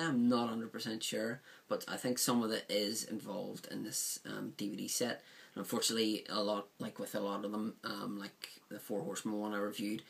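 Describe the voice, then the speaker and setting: A man's voice: fairly low pitch, gravelly, a bit bright. A man casually reviewing a DVD set, rambling with frequent ums and likes.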